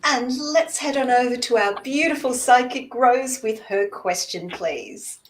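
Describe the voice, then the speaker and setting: A woman's voice: on the high side, unhurried. A woman hosting a live-stream psychic show, upbeat and chatty, reading out viewers' questions. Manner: upbeat, chatty, laughs at herself. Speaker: host. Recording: echoey room, faint noise.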